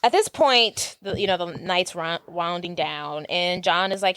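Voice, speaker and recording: A woman with a lower voice narrates a movie's plot for a podcast at a steady pace, adding short agreements as her co-host talks. Her voice sounds dry and close to the mic. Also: a little slow, clean tone, no room sound. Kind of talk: casual movie recap chat.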